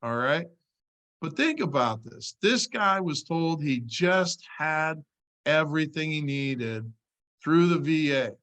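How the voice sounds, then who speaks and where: A man's voice: a little high, lively intonation, slow pace, a bit bright. A man training insurance agents, telling a client story in a casual way and often checking in with "all right.".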